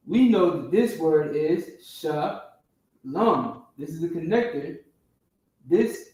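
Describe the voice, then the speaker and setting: A man's voice: fairly high pitch, a little mellow. Man lecturing in a very echoey room. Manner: keeps checking in with the listeners. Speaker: teacher. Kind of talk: classroom lecture. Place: classroom. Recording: very echoey room, distant from the mic.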